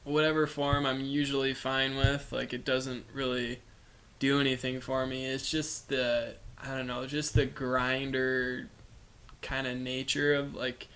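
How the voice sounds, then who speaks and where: A man co-hosting a podcast, giving measured, hesitant opinions on films with many fillers. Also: mid-range voice, level tone, bright, forceful tone. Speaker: podcast co-host. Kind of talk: casual film review chat. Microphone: podcast microphone.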